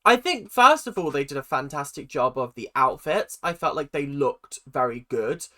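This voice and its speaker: A man's voice: on the high side, expressive, normal speed, pushed and bright. A man giving chatty, sarcastic reaction commentary as host of his channel.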